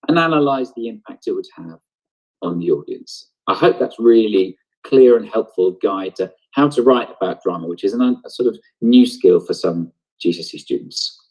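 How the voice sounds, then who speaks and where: A man's voice: lowish voice, a little mellow, breathy edge, rough recording. A man teaching an online drama lesson, explaining step by step and thinking aloud. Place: home, on a video broadcast.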